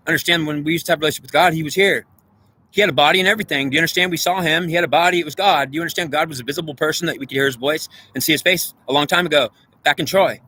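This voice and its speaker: Insistent rambling man, bright tense voice. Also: on the high side, quick pace, low-quality recording. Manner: repetitive, insistent, asks "do you understand"; frequent restarts and stammered repeats. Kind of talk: rambling spiritual monologue.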